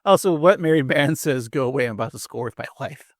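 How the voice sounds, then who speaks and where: A man co-hosting a podcast in relaxed, rambling chat, laughing often. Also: medium pitch, fast, no room sound, clean studio sound. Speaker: podcast co-host. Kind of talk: casual chat.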